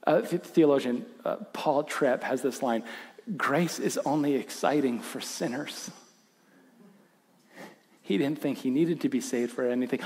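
A man preaching a sermon, animated in his storytelling, who acts out quoted lines and drops to a hushed intensity. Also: medium pitch, unhurried, long pauses, long reverb tail. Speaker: pastor.

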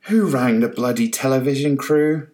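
A man voicing an exasperated, sharp-tongued middle-aged wife, who scolds in a shrill voice. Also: sing-song, moderate pace. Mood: angry.

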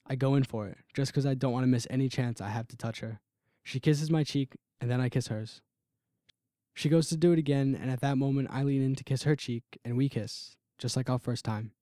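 A young man tells a first-person story with intense, brooding emotion. His voice sits in a middle pitch and is recorded dry and close, with no room around it. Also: fairly even intonation, a little fast, mellow, no echo.

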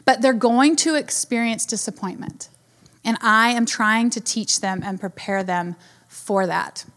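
Woman telling a lively family story. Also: on the high side, a little slow. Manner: warm storyteller, laughs often, acts out her son's lines. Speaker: speaker giving a devotional talk. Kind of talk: storytelling sermon.

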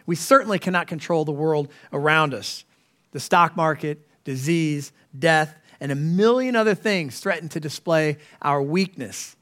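High-voiced man preaching a sermon. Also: a little slow, fairly bright tone. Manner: earnest preaching with rhetorical questions. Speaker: pastor.

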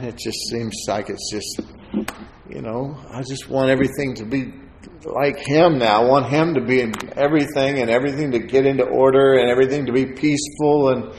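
A man giving a sermon testimony as a preacher, telling his story in an animated way and acting out the voices of the people in it. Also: mid-range voice, slight background noise. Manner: animated storyteller, acts out quoted voices with laughter. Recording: echoey hall with faint ambience.

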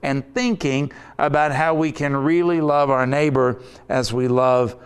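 A man preaching a sermon as pastor, deliberate and emphatic, building points through repetition. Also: medium pitch, fairly even intonation, clear, resonant tone.

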